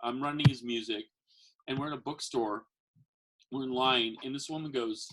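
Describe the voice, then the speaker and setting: Podcast guest, male, husky edge to his voice, energetic rambling storyteller. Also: medium pitch, moderate pace, long pauses, rough recording. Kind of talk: casual storytelling chat.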